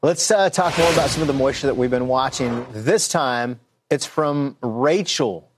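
A man's voice: medium pitch, moderate pace, noisy background. A man meteorologist presenting the weather on air, joking and bantering with his co-host as he explains the forecast. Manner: animated, jokey banter.

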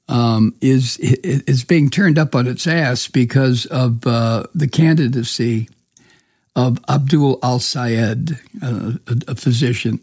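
A man giving opinionated news commentary, angry and sarcastic, swearing often and pausing on many fillers. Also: mid-range voice, a little mellow, husky, dry recording, clean studio sound. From Georgia. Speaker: political commentator.

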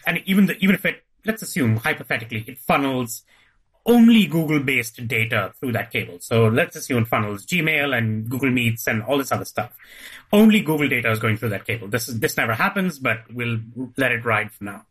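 Husky male guest author, methodical explainer, lays out hypotheticals step by step. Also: mid-range voice, lively intonation, a little fast, fairly bright tone. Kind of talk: podcast interview.

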